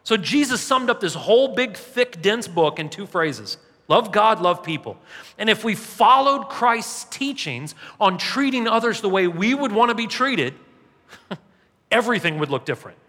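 A man preaching a sermon as pastor, conversational and self-deprecating, often tagging his points with a quick question to the room. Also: sits high, very animated, pushed and bright. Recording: long reverb in a large hall.

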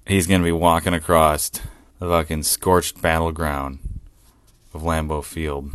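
A man hosting a solo sports podcast, talking excitedly and profanely and laughing often as he rants. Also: low-pitched, dry recording, clean studio sound. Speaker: podcast host.

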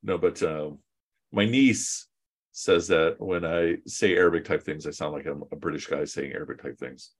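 Male teacher with a deep voice, loose and joking, leads an online class. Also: normal speed. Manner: relaxed and joking, with chatty asides.

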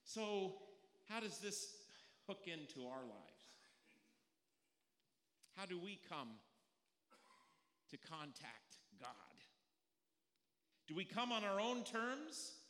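A man's voice: high voice, sing-song, takes it slowly, long pauses, pushed and bright. A male pastor preaching a sermon in a conversational, storytelling way, asking his listeners questions as he goes. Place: church sanctuary. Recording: echoey hall with long reverb.

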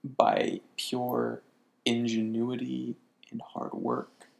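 A man co-hosting a casual chat, animated, swearing now and then and laughing often. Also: medium pitch, drawn-out words, gravelly. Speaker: podcast co-host.

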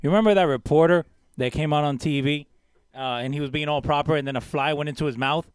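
A man's voice: fairly high pitch, quick pace, clean tone, no room sound. A man co-hosting a casual talk show, chatty and laughing easily, dropping Spanish words into his English. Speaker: co-host. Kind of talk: casual chat with banter.

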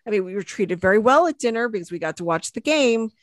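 A woman's voice: medium pitch, animated, quick pace, dry recording, clean studio sound. A woman hosting a casual sports podcast, rambling and self-deprecating with lots of fillers. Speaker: podcast host.

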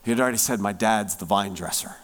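A man preaching a sermon, emphatic, swinging from loud stressed words down to hushed near-whispers. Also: on the low side, fast. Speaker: pastor.

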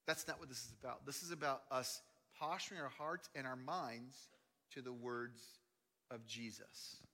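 A man preaching a sermon as a pastor, telling stories animatedly, swinging between loud and hushed delivery. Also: medium pitch, moderate pace. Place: large church auditorium. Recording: long hall reverb.

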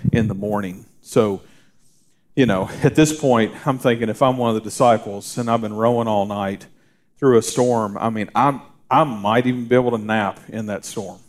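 A middle-aged man, preaching a casual, story-filled sermon with many fillers and restarts, sometimes dropping to a hushed voice. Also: on the low side. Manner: drops to a soft, hushed voice for reassurance. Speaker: pastor. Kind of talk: conversational sermon.

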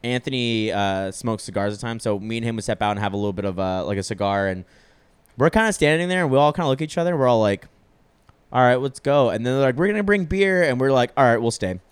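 A man's voice: lowish voice, very fast, smooth, no room sound. A young man telling a long story in casual chat, rambling with lots of filler words and swearing freely. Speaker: podcast storyteller.

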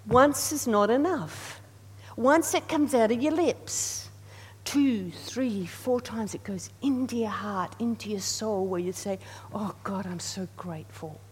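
A woman's voice: on the high side, unhurried, darkish tone, breathy edge. A woman preacher giving a sermon, earnest and repetitive, leading the congregation in call and response. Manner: earnest, repeats phrases, leads the congregation in responses. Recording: reverberant hall with faint hum.

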